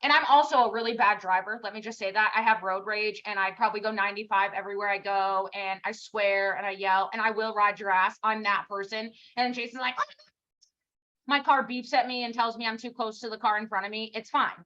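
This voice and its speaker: A woman's voice: medium pitch, fairly even intonation, fast talker, hardly any pauses, bright, forceful tone, dull audio. A woman giving a casual motivational talk on a live stream, blunt and scolding, firing off rhetorical questions and swearing casually. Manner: swears casually, self-mocking. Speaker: team leader giving a live pep talk.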